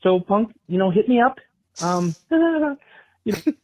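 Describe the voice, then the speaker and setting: A man's voice: high voice, sing-song, slow, exaggerated voice. A man voicing a petty, boastful man with a lisp who leaves rambling voicemails and waves things off with "blah, blah". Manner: dismissive, trails off into "blah, blah". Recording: dull lo-fi voicemail audio.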